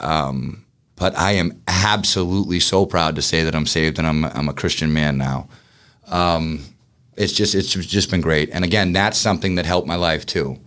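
A man's voice: low voice, a bit bright. Chatty man. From Boston. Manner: chatty and self-mocking, many restarts. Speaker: business owner. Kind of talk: casual interview storytelling.

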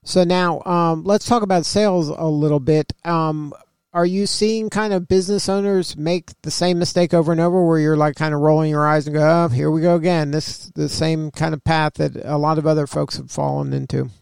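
A man's voice: a little high, steady tone, normal speed, creaky, darkish tone, clean tone, no room sound, studio quality. A man hosting an interview, asking loose questions full of fillers. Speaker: interview host.

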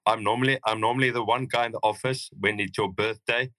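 A man with a deep baritone voice, a podcast guest talking casually with many fillers and restarts. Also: fairly even intonation, fast, bright, forceful tone, no echo. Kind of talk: casual interview talk.

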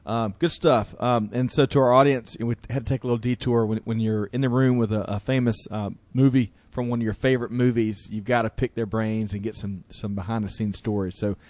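A man's voice: mid-range voice, fairly even intonation, fairly quick, few pauses, darkish tone, no echo. A man hosting a casual interview who is enthusiastic and encouraging toward his guest. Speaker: podcast host.

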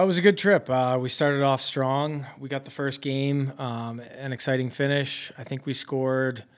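Easygoing young hockey goalie, relaxed. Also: male voice, medium pitch. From Massachusetts, US. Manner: easygoing, relaxed, with many fillers and light jokes. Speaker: professional hockey goaltender, guest. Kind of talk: casual interview chat.

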